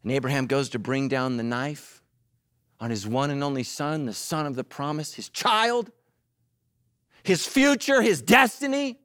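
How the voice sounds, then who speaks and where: Animated joking male pastor, fairly high voice. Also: unhurried, no echo, studio quality. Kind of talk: sermon.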